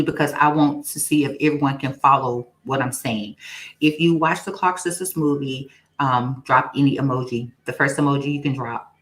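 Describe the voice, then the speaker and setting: Young woman host, low voice, chatty live stream, greets viewers, testifies. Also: rough recording. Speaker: livestream host. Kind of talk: casual live-stream chat.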